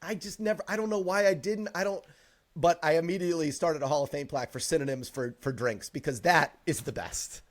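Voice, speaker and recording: A podcast co-host, a man with a fairly high voice, talking movies in casual chat. He gets excited, laughs a lot and throws himself into quoting favorite lines. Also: fairly quick.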